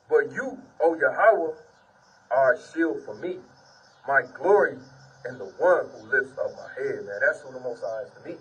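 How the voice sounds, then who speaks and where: A man preaches and reads scripture with a raspy, fairly high voice. He is earnest and repetitive, dropping "man" into nearly every line. He sits some distance from the mic, so he sounds a little far away. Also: moderate pace, fairly bright tone, lo-fi sound. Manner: sits on the ground while preaching. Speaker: preacher giving a testimony. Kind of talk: informal preaching and scripture reading.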